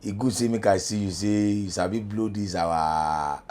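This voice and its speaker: A middle-aged man with a Nigerian accent, a journalism lecturer talking as a studio guest in pidgin, animated and emphatic. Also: low voice, normal speed. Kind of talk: studio talk show in pidgin.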